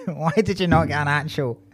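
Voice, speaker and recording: A man's voice: on the high side, measured pace. A man co-hosting a comedy podcast, ranting in disbelief and swearing in casual chat. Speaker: podcast co-host.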